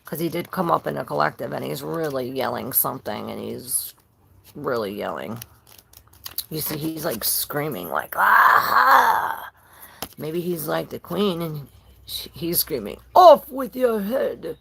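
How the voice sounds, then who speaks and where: A woman's voice: low voice, animated, normal speed, creaky, a little hiss or hum. A woman giving a live-streamed tarot reading, rambling and chatting with viewers between cards. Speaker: tarot reader.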